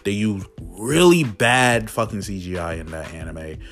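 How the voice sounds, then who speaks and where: A man's voice: lowish voice, measured pace, a bit bright, soft background music. Profane, ranting young-sounding man reviewer. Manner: profane, exasperated ranting with frequent fillers. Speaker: video reviewer. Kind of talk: casual spoken review.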